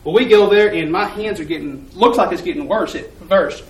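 A man with a fairly high voice shares a heartfelt testimony, his earnest story rambling along with repeated words and restarts. He sounds a little distant from the microphone, and the room around him rings with echo like a church hall. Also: a little fast. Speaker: church member giving testimony. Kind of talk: personal faith testimony.

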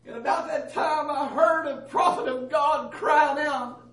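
A man's voice: very high-pitched, a little slow, a bit bright. A man giving an emotional testimony about a dream, crying out dramatically and repeating himself. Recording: echoey room, mic at a distance.

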